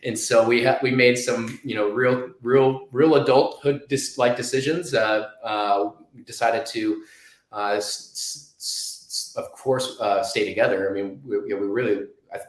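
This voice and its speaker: A man's voice: medium pitch, fairly even intonation, unhurried. Rambling man in an echoey room. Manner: rambling, many restarts and fillers. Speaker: guest. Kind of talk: casual interview storytelling.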